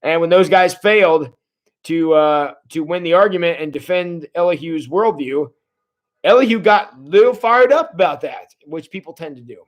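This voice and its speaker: A man's voice: on the high side, moderate pace. A man in his forties leading a casual livestream Bible study, talking in a folksy, conversational way with plenty of filler sounds. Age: 40s. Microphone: livestream setup.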